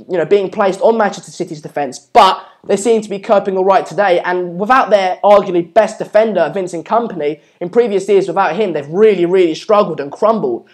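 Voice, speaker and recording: A young man hosting a live football watchalong, commentating on play and reading out viewer comments in a chatty way with many ums. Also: high voice. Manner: chatty, lots of ums, urges viewers to subscribe. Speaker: live stream watchalong host.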